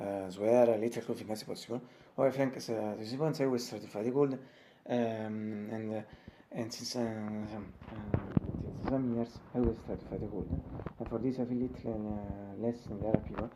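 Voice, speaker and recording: A man's voice: lowish voice, background noise. A man with an Italian accent, speaking English as a second language, giving a casual daily weather report with many fillers and restarts. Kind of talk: casual daily video diary.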